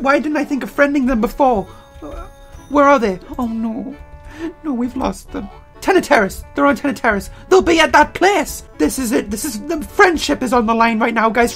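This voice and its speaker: A man giving casual game commentary while playing, excitable and prone to loud outbursts, his throat getting strained. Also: very high voice, vocal fry. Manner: excitable, bursts into loud yelling. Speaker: let's play gamer.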